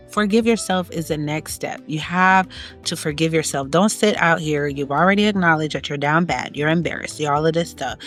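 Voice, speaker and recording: A woman giving motivational advice in a monologue, emphatic and preachy, repeating her key phrases for stress. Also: on the low side. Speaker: self-help vlogger.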